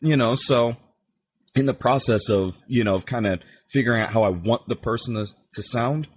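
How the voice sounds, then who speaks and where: Speaking at normal speed in a husky, mid-range voice with no room sound, a man who voices characters professionally chats as a podcast guest. He's animated, acting out quotes while he explains.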